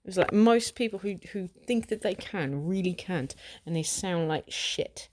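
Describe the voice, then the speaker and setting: A woman's voice: fairly low pitch, animated, measured pace, few pauses, darkish tone. An American woman doing casual commentary, blunt, mocking and full of swearing. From United States. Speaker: commentary vlogger.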